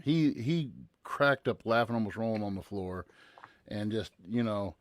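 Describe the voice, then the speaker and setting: A man's voice: fairly low pitch, lively intonation, a little slow, dry recording. A man who works as a teacher, co-hosting a podcast in an easygoing, casual way and laughing along. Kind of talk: casual chat.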